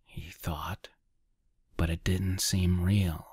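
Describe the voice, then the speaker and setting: A man narrating a dark short story as a soft, half-whispered ASMR reading close to the mic. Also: sits low, steady tone, dry recording. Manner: quiet, half-whispered, measured.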